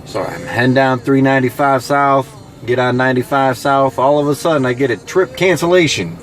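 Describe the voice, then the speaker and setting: A man's voice: medium pitch, a little fast. A man with a mid-range voice tells his ride share driving stories in a loose, chatty way, full of "you know" and acted-out quotes. He sounds like he is sitting in a car, with faint music playing underneath. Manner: conversational, many fillers, mimics passengers in quoted lines. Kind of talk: casual storytelling.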